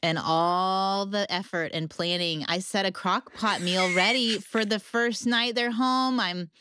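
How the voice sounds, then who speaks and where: A middle-aged woman, a guest author, talks about family life in quick, laughing bursts. Her mid-pitched voice is dry and close to the microphone. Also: steady tone, bright, forceful tone, smooth, no echo. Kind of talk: casual conversation.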